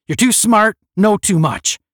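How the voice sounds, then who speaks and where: A man's voice: sing-song, brisk, no room sound, studio quality. A man reading as a stern, sarcastic space captain. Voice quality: deep. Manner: barking, clipped commands.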